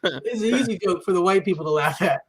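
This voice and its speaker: A woman in her forties performing a stand-up comedy set on a live stage, animated and acting out dialogue in playful voices. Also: on the low side, fast, slightly rough.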